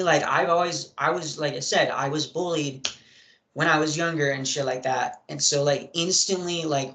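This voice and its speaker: A man's voice: a little high, fairly bright tone. Man telling his story in an echoey room. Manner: rambling, many fillers and throat clearing. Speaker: interview guest. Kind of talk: casual storytelling in an interview.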